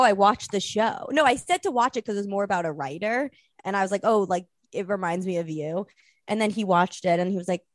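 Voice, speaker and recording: A woman's voice: mid-range voice, no echo, clean studio sound. A young woman, a podcast guest, telling a rambling story in casual chat and acting out the quotes.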